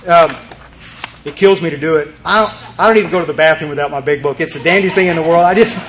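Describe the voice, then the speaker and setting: Man, high voice, recovery-meeting speaker, emphatic and rambling, lots of restarts. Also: quick pace, crowd noise. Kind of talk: storytelling talk to a group.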